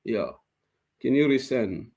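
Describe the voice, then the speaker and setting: A man's voice: mid-range voice, lively intonation, slow pace, gravelly, a little mellow. A man hosting a current affairs talk show, emphatic and argumentative, slipping into local language. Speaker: host.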